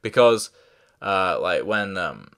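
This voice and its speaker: A man's voice: low-pitched, animated, takes it slowly, fairly bright tone, clean tone. A man giving a casual spoken review, rambling with many fillers and restarts and stopping to apologise when he forgets names. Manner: loses track of names, apologises. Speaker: show reviewer.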